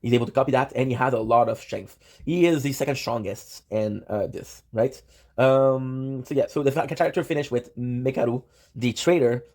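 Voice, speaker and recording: A man's voice: mid-range voice, darkish tone. A man streaming live, chatting casually and rambling, often talking to himself and swearing offhand.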